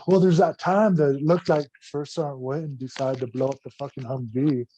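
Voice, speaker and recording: A man, an army veteran guest on a podcast, telling war stories in a casual, profane, animated way. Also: medium pitch, brisk, lo-fi sound, a little hiss or hum. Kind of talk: casual storytelling.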